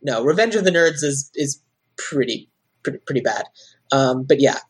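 Husky-voiced woman co-hosting a podcast. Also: a bass voice, expressive, normal speed. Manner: chatty, lots of "like" and restarts. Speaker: podcast co-host. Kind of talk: casual chat about a movie.

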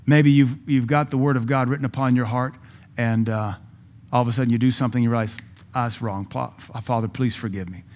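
A man preaching a sermon in a blunt, emphatic way, with sudden loud stresses, acting out the people he quotes. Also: medium pitch.

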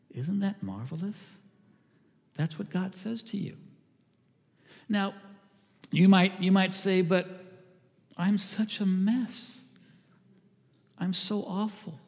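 A man preaching a sermon as a pastor, earnest and warm in his pleading, often dropping to a hushed voice. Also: sits high, takes it slowly, gravelly, pauses often, big-room sound. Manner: earnest, drops to a hushed voice for quoted lines. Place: church sanctuary.

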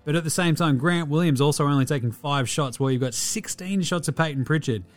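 A man's voice: a little high, quick pace, faint music behind. A man hosting a podcast, giving a casual, profane, rambling basketball recap. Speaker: podcast host.

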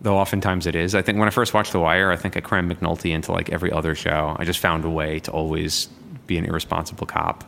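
A man's voice: low voice, flat delivery, fast, creaky, fairly bright tone, in a large hall. A man, an improviser, chatting casually and reflectively about his craft. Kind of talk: casual chat.

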